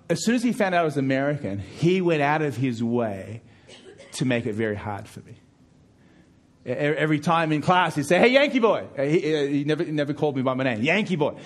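A middle-aged man preaching a sermon as pastor, emphatic, with frequent repeated words as he pushes key points louder and higher.

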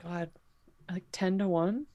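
A woman co-hosting a casual chat podcast, animated and laughing, with lots of "like" in her speech. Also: on the low side, takes it slowly, lo-fi sound, very noisy. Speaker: podcast co-host.

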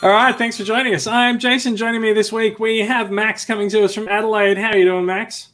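An upbeat Australian man with a somewhat high voice hosts a casual podcast, talking easily and laughing often. He speaks from his home study over a video call. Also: flat delivery, a little fast, fairly bright tone, faint music behind. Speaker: podcast host. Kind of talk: casual chat.

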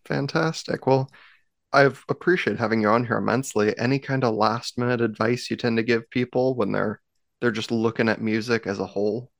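A man's voice: medium pitch, fairly even intonation, fairly quick, creaky, dry recording, studio quality. A man hosting a podcast interview, friendly and joking, poking fun at himself. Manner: friendly, joking, self-deprecating. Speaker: podcast host.

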